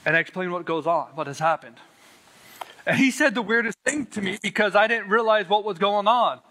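Speaking a little fast, this man's voice sits high with a bright, forceful tone. He's a Christian giving his faith testimony in earnest, leaning on emphasis and repetition to give his words weight.

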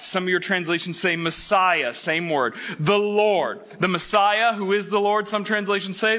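A middle-aged man preaching a sermon, animated and playful, acting out quotes and jokes between readings. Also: high-pitched. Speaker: pastor.

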